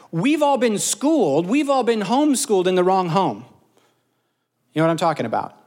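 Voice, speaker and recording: Middle-aged male pastor, slightly high voice with lots of swing, jokey sermon delivery. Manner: animated, joking, self-mocking storyteller. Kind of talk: casual sermon.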